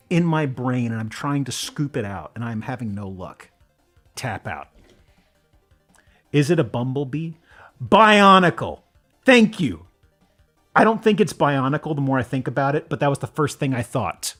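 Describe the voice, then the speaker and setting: A man streaming live, chatting casually and excitably, often breaking into laughter and restarting his sentences. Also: mid-range voice.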